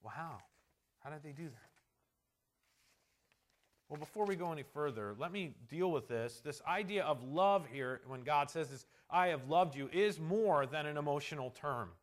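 In this expository sermon, a pastor with a high voice and lively intonation speaks earnestly. When he quotes verses, he slows to press them home, and he moves between soft asides and forceful, loud emphasis.

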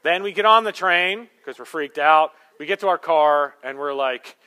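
A pastor from Michigan preaches a sermon, telling a story with sarcastic asides. His slightly high voice moves at normal speed, alternating between loud, forceful lines and quiet ones.

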